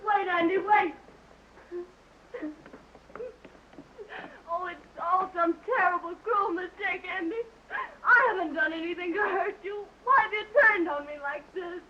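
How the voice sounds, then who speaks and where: A woman's voice: very high voice, expressive, moderate pace, slight background noise. An actress in an early sound film playing a passionate young heiress, pleading and tearful, her voice breaking into frantic cries. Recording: dull early talkie sound with music.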